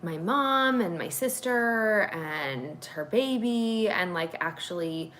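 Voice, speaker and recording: A woman in her thirties talks in a low, relaxed voice, chatty and candid and full of fillers. She is recorded at home with faint noise in the background. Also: slow, low-quality recording. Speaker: vlog host. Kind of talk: casual chat. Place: home, at a table.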